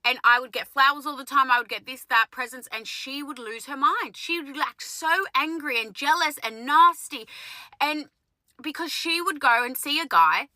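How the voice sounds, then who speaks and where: A woman's voice: high voice, sharp tone, no echo, rough recording. A young woman, a lash technician telling a blunt, sweary storytime rant.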